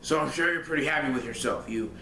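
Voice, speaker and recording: A man's voice: mid-range voice, fast, creaky, bright, forceful tone, distant mic, slight background noise, voice pushed up. A young man doing an impression of a blustering older wrestling boss in a strained, raised voice. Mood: indignant. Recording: echoey room.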